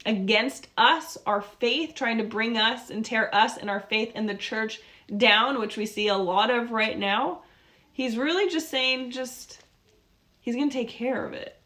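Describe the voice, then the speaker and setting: A woman with a fairly high voice hosts a devotional scripture study. She speaks slowly and earnestly, in a reflective tone, and repeats key words to drive them home. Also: a bit bright.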